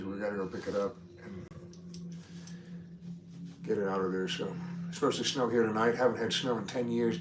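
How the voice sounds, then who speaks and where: Excitable man chatting on a livestream. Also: fairly low pitch. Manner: excitable, animated, rambling with restarts. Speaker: livestream host. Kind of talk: casual livestream chat reading comments. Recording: roomy echo with faint ambient noise.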